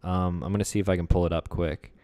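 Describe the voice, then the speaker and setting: A young man chatting on a casual podcast with a low, smooth voice. He is relaxed and jokey and lets his sentences trail off softly. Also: quick pace. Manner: laid-back, joking, trails off quietly. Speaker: podcast co-host.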